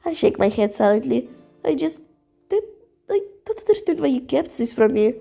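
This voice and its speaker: A woman's voice: a little high, fairly quick, gravelly, mellow, faint music behind. A woman reading a visual novel aloud in the first person, emotional, with stumbles and restarts. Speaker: reader voicing a visual novel.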